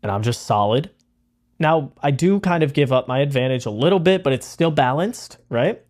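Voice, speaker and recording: A young man giving casual, rambling commentary on his own chess game, excitable and full of fillers. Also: mid-range voice, moderate pace. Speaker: chess content creator.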